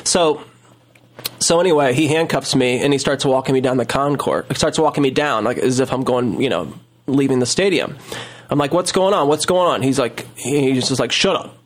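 A man's voice: medium pitch, normal speed. A man telling a long story in casual chat, rambling with many fillers and restarts. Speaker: storyteller guest.

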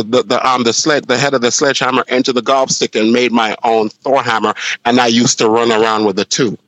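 A man's voice: medium pitch, no echo, poor audio. A man chatting casually, telling stories with lots of ums and restarts. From Jamaica. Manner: animated storyteller, many restarts and ums. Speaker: podcast co-host, drag performer. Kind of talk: casual chat.

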